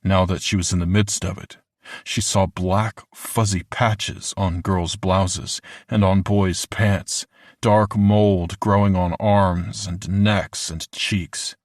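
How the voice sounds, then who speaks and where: Deep-voiced male audiobook narrator. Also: fairly even intonation, takes it slowly, no echo, clean studio sound. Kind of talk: scripted horror narration.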